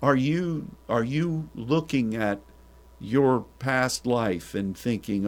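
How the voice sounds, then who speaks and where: A man's voice: medium pitch, slow pace. A man preaching a sermon, pressing listeners with repeated rhetorical questions and restarting his words.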